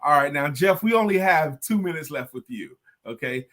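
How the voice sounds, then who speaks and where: A man's voice: a little high, expressive, normal speed, fairly bright tone. A man co-hosting a talk show, reacting with enthusiasm and retelling advice in a casual way. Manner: enthusiastic, exclaiming. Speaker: co-host, sales coach. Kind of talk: casual chat.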